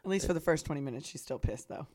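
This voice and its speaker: Woman, thirties, lively up-and-down pitch, laughs a lot, teasing, casual podcast chat. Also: racing. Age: 30s. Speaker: podcast co-host.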